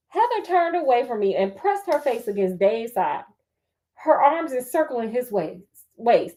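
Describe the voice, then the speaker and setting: A woman with a fairly high, unhurried voice reads a book aloud as a storyteller. She keeps breaking off for sassy, joking commentary, animated and full of laughing asides.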